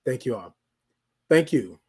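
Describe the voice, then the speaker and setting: A man's voice: medium pitch, expressive, measured pace, a little mellow, husky. A man hosting a motivational talk, emphatic, using rhetorical questions and repetition. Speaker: host of a motivational show.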